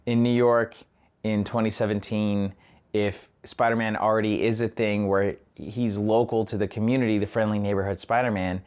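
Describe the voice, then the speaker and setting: A man's voice: lowish voice, a little mellow, clear, resonant tone. A man giving a casual film review, ranting about plot holes with exasperated, sarcastic asides. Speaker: movie reviewer.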